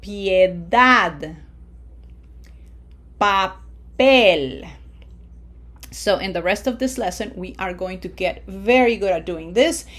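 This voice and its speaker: A woman teaching a Spanish pronunciation lesson, explaining patiently, checking in with "okay?" and modeling words slowly. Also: mid-range voice. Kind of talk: classroom lesson.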